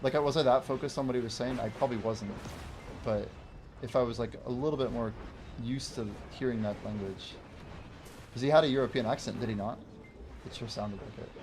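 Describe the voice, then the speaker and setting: A man's voice: medium pitch, fairly quick, background noise. Chatty man streaming a game. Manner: chatty, reads and answers viewer chat, laughs often. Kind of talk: casual livestream chat while playing. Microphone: wears headphones while streaming.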